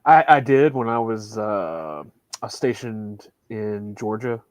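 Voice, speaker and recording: A man's voice: lowish voice, slow, dry recording. A man chatting as a guest on a casual livestream, easygoing and agreeable. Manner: laid-back, easygoing, agreeable.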